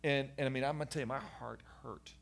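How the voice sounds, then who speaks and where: A man's voice: medium pitch, fast talker, gravelly. Earnest middle-aged man telling his story. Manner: animated storyteller, acts out voices of people in his story; earnest and reflective, with frequent restarts. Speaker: guest sharing his life story. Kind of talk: candid personal testimony in conversation.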